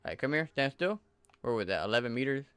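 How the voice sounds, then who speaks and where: A man's voice: medium pitch, animated, fast, a bit bright, smooth, no room sound. A man giving casual, enthusiastic commentary over gameplay footage in a loose, conversational way. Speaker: gaming channel creator.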